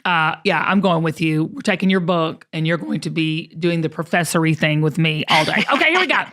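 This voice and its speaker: A woman with a Southern US accent hosting a talk show, firing off questions with bubbly, quick reactions and exclamations. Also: low-pitched, lively intonation, fairly bright tone. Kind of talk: casual interview chat.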